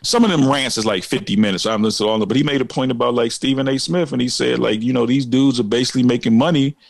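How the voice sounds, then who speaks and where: A man's voice: mid-range voice, very fast, creaky, dry recording. A man co-hosting a casual chat, talking emphatically with lots of "like" and "man". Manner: animated, emphatic, heavy use of fillers like "man" and "like". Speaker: podcast co-host.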